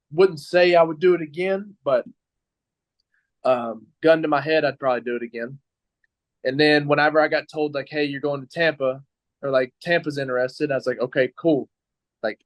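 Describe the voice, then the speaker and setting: A young adult man, a pro baseball pitcher, tells his story in a casual interview, rambling and quoting his own thoughts with lots of "like". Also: dry recording, poor audio. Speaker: professional baseball pitcher, guest.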